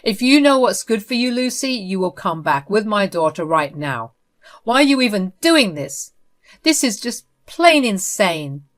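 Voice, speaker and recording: A woman's voice: mid-range voice, big pitch swings, measured pace. A woman voicing a furious young mother who speaks in an angry, threatening way. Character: furious young mother confronting her child's abductor.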